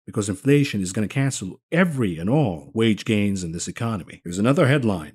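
A man's voice: lowish voice, expressive, brisk, a little mellow, slightly rough. A man hosting market commentary, mocking and sarcastic as he rants about the economy.

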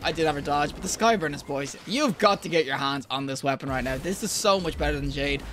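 A young man giving live gameplay commentary, excitable and slangy, talking straight to his viewers and bursting into yells and laughter. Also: fairly high pitch, fast, a little hiss or hum. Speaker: gaming video creator.

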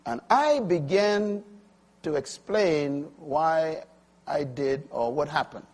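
Husky preacher man with soaring emphasis. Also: lively intonation, takes it slowly. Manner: preaching with sudden rises in pitch and loudness; storytelling, conversational between emphatic peaks. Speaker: pastor. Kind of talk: sermon.

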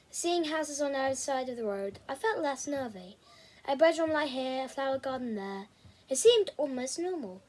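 A woman reading a novel aloud chapter by chapter, in a steady, measured storybook way. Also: sits high, breathy edge, poor audio. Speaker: reader.

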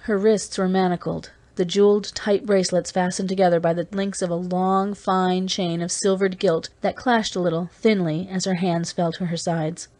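A woman's voice: lowish voice, steady tone, normal speed, hardly any pauses, darkish tone, no room sound. Woman reading a novel aloud. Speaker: audiobook reader. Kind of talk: scripted first-person narration.

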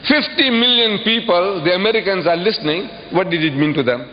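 A man giving a public lecture in an animated, emphatic way, pressing his audience with rhetorical questions. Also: high-pitched, moderate pace, few pauses. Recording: dull lo-fi archive recording in a reverberant hall.

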